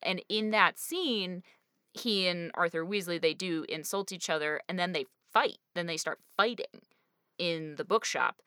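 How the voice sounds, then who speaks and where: A woman's voice: lowish voice, a little slow, pushed and bright, clear, resonant tone, no echo, clean studio sound. A woman co-hosting a podcast, talking through a book in a casual, chatty way with lots of fillers. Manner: chatty, many fillers like "like" and "kind of". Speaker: podcast co-host.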